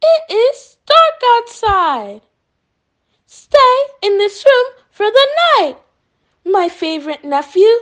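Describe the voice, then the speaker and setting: A woman's voice: very high voice, big pitch swings, takes it slowly, long pauses, full character voice. A woman voicing a scheming, grinning male tiger in a storybook reading, speaking slyly.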